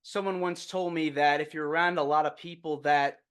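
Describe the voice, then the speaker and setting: Encouraging male host, higher voice. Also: steady tone, fairly quick, fairly bright tone, smooth. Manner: encouraging, affirming interviewer. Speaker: podcast host. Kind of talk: casual interview questions.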